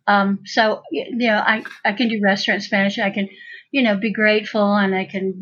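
A woman's voice: mid-range voice, little pitch movement, moderate pace. A woman in casual conversation, chatty and rambling, often restarting her sentences. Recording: dull lo-fi sound.

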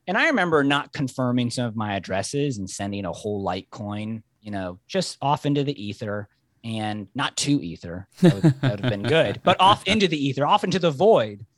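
A man chatting as a podcast guest, telling lively, rambling stories. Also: mid-range voice, brisk, no room sound, clean studio sound. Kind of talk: casual chat.

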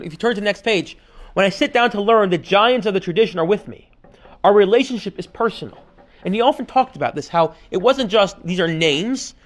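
A man teaching a Talmud class as a rabbi, telling stories in an animated way and swinging between loud and hushed delivery. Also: sits high. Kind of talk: lively classroom lecture.

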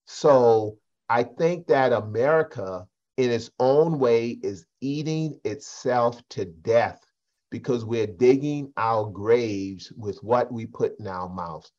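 A man's voice: medium pitch, slow, darkish tone, highs cut off. An older man with a South Carolina Geechee accent, a pastor and community advocate speaking on a discussion panel, telling folksy stories and addressing the others by name.

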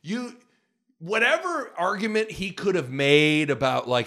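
Animated man chatting on a podcast. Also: high-pitched, unhurried. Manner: animated, rambling, emphatic. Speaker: podcast co-host. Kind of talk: casual chat.

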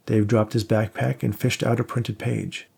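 A man with a low, gravelly voice reads a novel aloud. His tone is husky and a little rough at the edges. He keeps a steady, measured pace and shifts his voice slightly for the characters. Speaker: audiobook narrator. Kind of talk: scripted narration.

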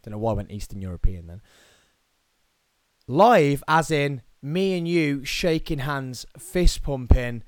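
A lively man from England with a Birmingham accent hosts his own solo podcast, chatting playfully with quick jokey asides. His pitch is an ordinary middle, and the close, dry sound has no echo.

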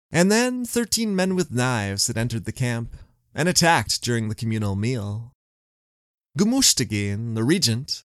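A man's voice: mid-range voice, no room sound, clean studio sound. A man hosting a history podcast, telling the story in scripted narration with wry asides.

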